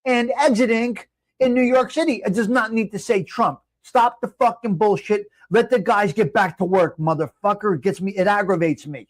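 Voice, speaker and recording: A man's voice: sits high, a little fast, dry recording. A man in a heated, profane livestream rant, hosting his own show. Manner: angry, profane, shouting at times. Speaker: livestream host.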